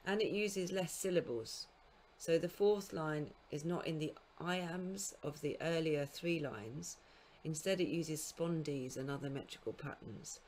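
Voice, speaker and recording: A woman giving a recorded literature lecture to school students, explaining in a measured way and now and then correcting herself mid-phrase. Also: low voice, darkish tone, slight background noise. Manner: speaks scansion aloud in sing-song beats. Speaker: university lecturer.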